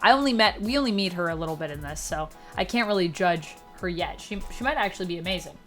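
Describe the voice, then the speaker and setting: A woman giving a casual spoken review of a TV episode, chatty and sarcastic, her voice jumping up and down in pitch and loudness. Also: animated, fast talker, soft background music. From Canada. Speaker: TV show reviewer.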